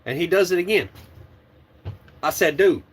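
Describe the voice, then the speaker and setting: A man's voice: a little high, moderate pace, slightly rough. A man who trains truck drivers, telling a story casually. He swears freely and laughs as he talks. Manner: animated, swears and laughs while retelling.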